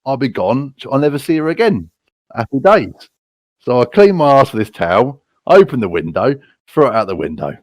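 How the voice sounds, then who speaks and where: A man's voice: medium pitch, very animated, normal speed, dry recording. A British man telling rowdy stories casually, swearing a lot and laughing at himself. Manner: crude, profane, laughing at his own stories. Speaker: storyteller.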